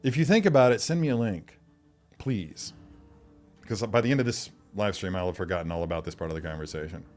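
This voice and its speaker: A man's voice: deep voice, fast talker, darkish tone, faint music behind. A middle-aged man hosting a live stream, chatting casually, rambling and answering viewers' comments.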